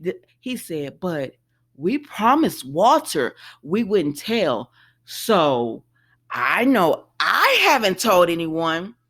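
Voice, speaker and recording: Woman host, chatty soap recap, very animated swings in pitch, exclaims and paraphrases. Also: slow pace. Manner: animated, exclaims, paraphrases dialogue, addresses viewers as y'all. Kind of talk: casual chat.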